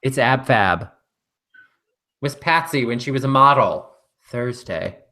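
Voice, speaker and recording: A man's voice: medium pitch, measured pace, pushed and bright. A man co-hosting a casual live chat show, telling stories in a rambling way with lots of fillers. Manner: rambling storyteller with many fillers. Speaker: co-host.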